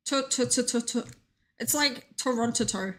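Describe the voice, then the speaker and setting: Bright-voiced young woman streamer. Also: fairly high pitch, unhurried. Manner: chatty, reads chat aloud, joking asides. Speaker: game streamer. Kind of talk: casual live-stream chat.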